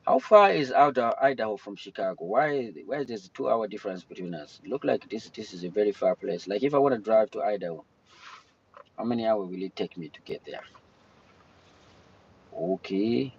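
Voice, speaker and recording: A man's voice: lowish voice, expressive, moderate pace, lo-fi sound, slight background noise. Rambling man chatting on a livestream. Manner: rambling, greets chat viewers mid-thought. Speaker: livestream host. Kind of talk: casual live-stream chat. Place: in or near his car.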